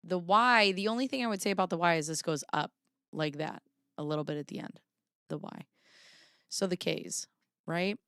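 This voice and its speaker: A woman's voice: lowish voice, moderate pace, pauses often, a bit bright, clear, resonant tone, no echo, studio quality. A woman host in casual commentary, rambling and apologizing to herself while she compares handwriting on screen. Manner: rambling, self-interrupting, apologetic asides.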